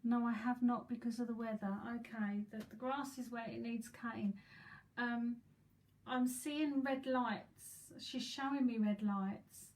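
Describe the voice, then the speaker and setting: A woman's voice: a little high, steady tone, unhurried, a little mellow, rough recording. Chatty, giggly woman in her fifties. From England. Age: 50s. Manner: chatty, giggly, rambling asides. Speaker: psychic medium. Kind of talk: live psychic reading, casual chat.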